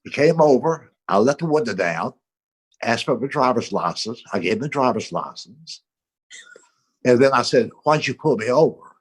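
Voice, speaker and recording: An older man telling a casual anecdote on a video call, animated and acting out the voices of the people in it. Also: mid-range voice, moderate pace, breathy edge. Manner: animated storytelling, acts out voices. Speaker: comedy panel guest.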